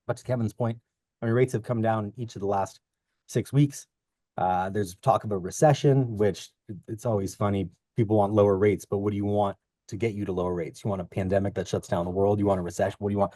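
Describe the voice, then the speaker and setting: Long-winded low-voiced man, dry sound. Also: fairly even intonation, fast, warm tone, no room sound. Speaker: podcast co-host. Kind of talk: casual chat.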